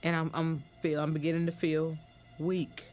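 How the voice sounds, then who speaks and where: Older woman, documentary interview, halting speech that repeats words; faint music bed. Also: low voice, level tone, a little mellow. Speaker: crime survivor interviewee. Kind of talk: documentary testimony.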